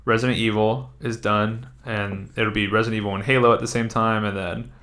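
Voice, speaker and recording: A man's voice: fairly low pitch, level tone, a little fast, a bit bright. A man co-hosting a casual gaming podcast, rambling with lots of fillers. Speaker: podcast co-host. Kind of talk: casual chat.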